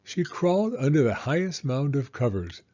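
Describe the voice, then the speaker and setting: A man reading a children's story aloud with expressive, unhurried narration. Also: medium pitch, highs cut off. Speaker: storybook reader.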